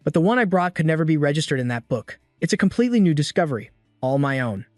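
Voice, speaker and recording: A man voicing a cocky, calm young male hero in a storybook recap, smug and offhand. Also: a little high, quick pace, no room sound, studio quality, faint music behind.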